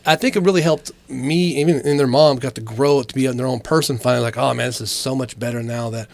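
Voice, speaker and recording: A man's voice: medium pitch, steady tone, fast, gravelly. A middle-aged man hosting a podcast, chatting casually in a loose, profane way. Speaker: podcast host. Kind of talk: casual chat.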